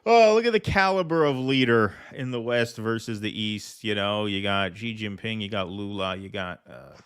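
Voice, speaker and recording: A man's voice: lowish voice, expressive, normal speed, a bit bright, smooth. A man hosting a casual political commentary stream, blunt, sarcastic and profane. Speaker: host.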